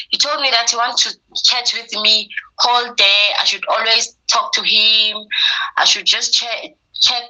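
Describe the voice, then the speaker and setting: Bright-voiced woman. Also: medium pitch, rough recording. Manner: quotes herself and others in a lively retelling. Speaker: interviewee telling her story. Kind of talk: personal storytelling.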